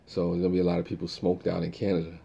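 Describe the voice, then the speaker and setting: A man's voice: sits low, monotone, very fast, vocal fry, warm tone, breathy edge. A man hosting a live stream, chatting casually and reacting to viewer comments in a laid-back way.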